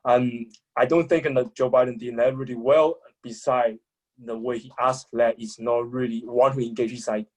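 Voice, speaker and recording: A man in a thoughtful discussion about speaking style, often pausing and restarting as he searches for words. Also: mid-range voice, steady tone, low-quality recording. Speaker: public speaking commentator. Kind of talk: analytical discussion.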